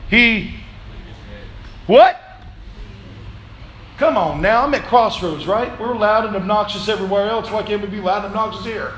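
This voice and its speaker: A man with a high voice delivers a sermon in a church, pressing the congregation for call-and-response answers. He swings from shouted pleading down to hushed, reflective lines, with faint room ambience behind him. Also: normal speed, long pauses, a little hiss or hum. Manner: preaching with call-and-response, rising to shouts then dropping low. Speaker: pastor. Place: church sanctuary.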